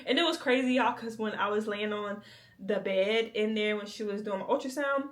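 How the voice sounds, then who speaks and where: A woman's voice: mid-range voice, moderate pace. A young adult woman vlogging in a candid, chatty way, talking straight to her viewers. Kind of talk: casual chat.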